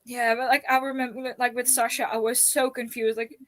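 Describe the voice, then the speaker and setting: A woman's voice: fairly high pitch, flat delivery, fairly quick, dry recording. A Dutch woman hosting a casual book live stream, rambling and restarting her sentences as she chats with friends. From Netherlands. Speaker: booktube host. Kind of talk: casual chat.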